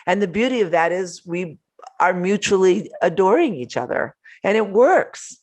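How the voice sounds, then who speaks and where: An older woman hosting a live motivational talk from home, animated and playful, laughing often between remarks. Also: fairly low pitch, moderate pace. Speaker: host.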